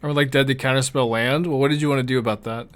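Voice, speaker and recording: A man's voice: mid-range voice, fairly even intonation, very fast. Chatty man streaming a card game. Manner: thinks aloud, chatty, answers chat questions. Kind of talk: casual live-stream gameplay commentary.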